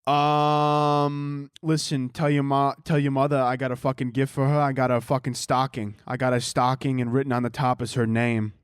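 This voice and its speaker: A man's voice: medium pitch, flat delivery, normal speed, smooth, no room sound, clean studio sound, natural voice. A man voicing a foul-mouthed older Santa Claus with a Brooklyn accent, brash and boastful.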